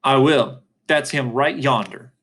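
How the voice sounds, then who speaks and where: A man reading aloud, voicing a poor young woman on the witness stand, defensive and shrill. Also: measured pace, a bit bright. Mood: defiant.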